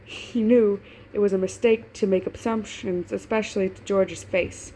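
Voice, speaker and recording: Eine Frau liest zu Hause Fan-Fiction vor, plaudernd, stolpert über Wörter, mit leichtem Rauschen im Hintergrund. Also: female voice, mid-range voice, steady tone, normal speed, warm tone, a little hiss or hum. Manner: chatty, laughing asides, stumbles over words. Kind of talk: casual reading aloud with asides.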